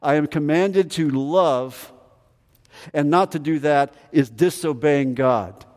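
A man's voice: a little high, slow pace, a little mellow, long reverb tail. A man preaching a sermon as pastor, emphatic, repeating phrases and asking the congregation questions. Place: church sanctuary.

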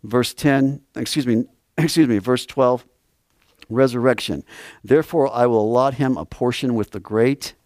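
A man's voice: mid-range voice, moderate pace, a little mellow, dry recording, studio quality. A man preaching a sermon, reading scripture aloud and repeating key words with emphasis.

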